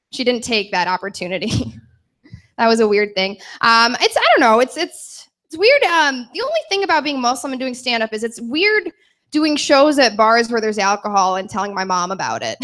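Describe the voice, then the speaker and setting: A woman's voice: a little high, sharp tone. A young woman from Chicago doing a stand-up set in a bar, rambling and self-deprecating with frequent giggles. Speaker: stand-up comedian. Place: bar stage.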